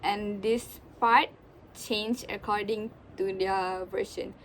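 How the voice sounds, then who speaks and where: A young woman, chatting casually as she unboxes albums, often gasping and squealing with excitement. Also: mid-range voice, slow pace, slight background noise. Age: young adult. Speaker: vlogger.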